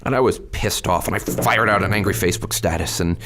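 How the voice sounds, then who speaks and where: A man's voice: low-pitched, fast, a bit bright, a little hiss or hum. A middle-aged man, a state representative, telling his story candidly in a podcast interview.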